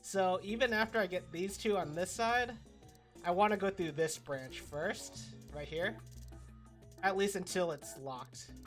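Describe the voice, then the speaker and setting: A woman's voice: on the low side, a little slow, soft background music. Chatty woman streaming a game. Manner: chatty, reacts to chat, amused. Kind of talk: casual gameplay commentary.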